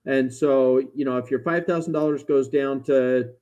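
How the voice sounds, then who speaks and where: A man's voice: medium pitch, steady tone, moderate pace, darkish tone, dull audio. Man telling a client story. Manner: anecdotal, many restarts and repeated words. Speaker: financial planner. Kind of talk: casual podcast storytelling.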